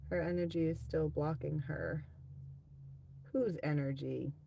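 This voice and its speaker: A woman's voice: sits low, steady tone, unhurried, gravelly, dark tone, slight background noise. A woman hosting a live tarot-reading stream, chatting casually with viewers, reading out their comments and swearing freely.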